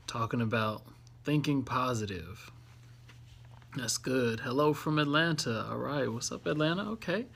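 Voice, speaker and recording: A man's voice: mid-range voice, unhurried, creaky, fairly bright tone. Upbeat man greeting livestream viewers. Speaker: host of an encouragement livestream. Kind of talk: casual livestream chat. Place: office.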